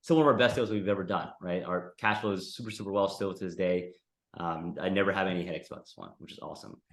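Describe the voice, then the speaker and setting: Low-voiced man teaching a casual class. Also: fast talker, echoey room. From United States. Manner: conversational, lots of "right?" and "like". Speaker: real estate investing instructor.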